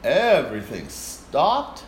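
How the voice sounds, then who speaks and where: An older man recalls a story as an interview guest, animated and acting out the voices as he goes. His pitch rises and falls freely. The room around him is echoey, with a faint hiss. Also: slow. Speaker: guest performer. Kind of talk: storytelling in conversation.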